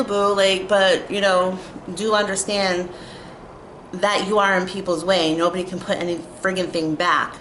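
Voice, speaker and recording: A woman's voice: mid-range voice, fairly bright tone, slight background noise. A young woman telling an exasperated storytime rant, full of "like" and fillers. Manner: exasperated, filler-heavy with constant "like". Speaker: vlogger. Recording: echoey room with faint ambience.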